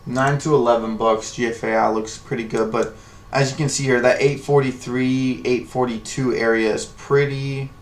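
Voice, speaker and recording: A stock trading livestream host offers casual live commentary, joking loosely and thinking aloud as he reads the charts. His mid-range voice keeps a fairly even intonation and a moderate pace.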